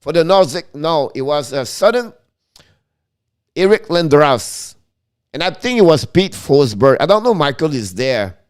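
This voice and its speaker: A middle-aged man hosts a casual live hockey stream, speaking excitably and frequently restarting and correcting himself. His voice is fairly high and smooth, at a measured pace.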